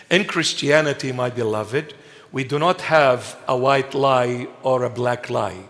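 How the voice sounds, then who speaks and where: A man preaching a sermon as a bishop, emphatic and slow, with playful asides to the congregation. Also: medium pitch, fairly bright tone. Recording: long reverb of a large hall.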